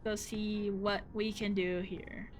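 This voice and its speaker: A woman's voice: medium pitch, flat delivery, slow, faint music behind. A woman streaming a game, chatting playfully to her viewers, cursing now and then and reading dialogue aloud. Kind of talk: casual gameplay commentary.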